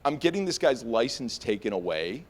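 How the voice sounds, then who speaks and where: An American man telling a story on stage before a live audience, animated and self-mocking, full of fillers and restarts. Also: mid-range voice, normal speed. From United States.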